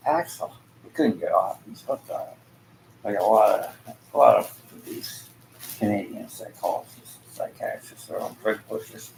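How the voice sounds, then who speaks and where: A man's voice: fairly low pitch, vocal fry, darkish tone, a little hiss or hum, rough recording. A man giving a rambling casual monologue, trailing off mid-thought and chuckling often.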